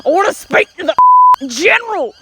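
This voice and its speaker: A woman's voice: extremely high pitch, huge pitch swings, moderate pace, very noisy, pitched above the performer's own voice, heavily acted. A woman putting on a barking tough-guy customer. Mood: demanding. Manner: blunt, barking demands. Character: aggressive tough-guy male customer, bossy.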